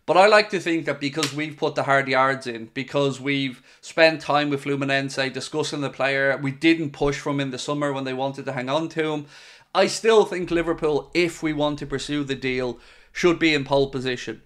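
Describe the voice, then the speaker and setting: A man's voice: mid-range voice, moderate pace, fairly bright tone. A man hosting a casual livestream, talking in a chatty, conversational way with loose restarts. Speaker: podcast host.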